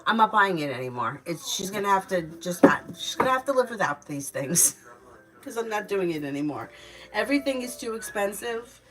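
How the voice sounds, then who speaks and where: A woman's voice: medium pitch, big pitch swings, brisk, a bit bright, poor audio. A woman hosting a tarot reading livestream, talking in a blunt, exasperated, casual way with some swearing. She is a mother. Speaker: tarot reader and livestream host.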